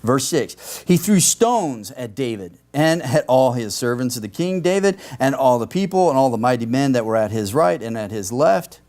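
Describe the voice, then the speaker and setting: A man's voice: medium pitch, animated, normal speed, few pauses, darkish tone. A man, a pastor, preaching an expository sermon with casual conversational asides to the congregation.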